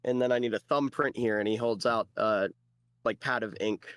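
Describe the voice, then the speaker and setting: A man narrating as game master in a relaxed way, with lots of fillers. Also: lowish voice, normal speed, smooth, no room sound.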